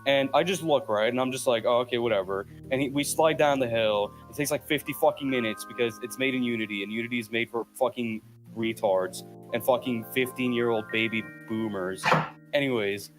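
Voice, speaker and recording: A man's voice: mid-range voice, a little fast, music in the background. A young man hosting a podcast, telling rambling, profane stories in casual chat over a headset mic. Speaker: podcast host.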